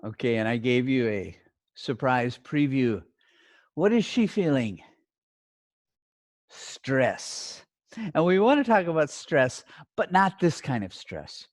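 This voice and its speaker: A middle-aged male teacher speaks slowly and carefully over a video call, his pitch rising and falling in lively swings as he stresses key words. The sound is dry, with almost no room echo. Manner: clear, deliberate instruction-giving with emphatic stress. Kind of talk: online class instructions.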